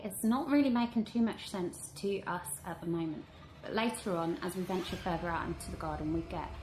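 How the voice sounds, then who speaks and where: A woman hosting a paranormal vlog, narrating her investigation recordings in an earnest, suspense-building way. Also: on the low side. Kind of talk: voice-over narration reviewing recordings. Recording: roomy with steady background hum.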